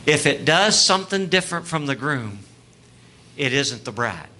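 Bright-voiced preacher. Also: male voice, a little high, normal speed, a little hiss or hum. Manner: swings from hushed tenderness to loud, animated storytelling. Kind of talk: sermon.

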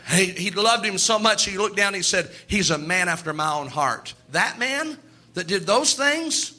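This sermon comes in a high-sitting, bright and forceful voice with lively intonation and moderate pace. The preacher tells Bible stories, acting out characters' quoted voices, and builds with emphatic repetition.

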